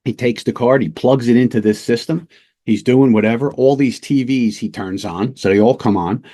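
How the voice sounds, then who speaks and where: Middle-aged male police lieutenant, mid-pitched voice, casual storytelling lesson with anecdotes. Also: normal speed. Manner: lively anecdotes, acts out quoted voices, fillers and restarts. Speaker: police lieutenant teaching undercover work.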